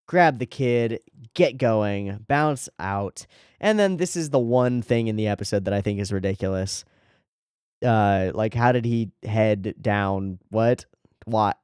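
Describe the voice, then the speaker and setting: Male reaction host, fairly low voice, dry close sound, casual and excitable, swears a lot. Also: clean tone, dry recording. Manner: enthusiastic, swears freely, frequent restarts. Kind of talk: casual episode commentary.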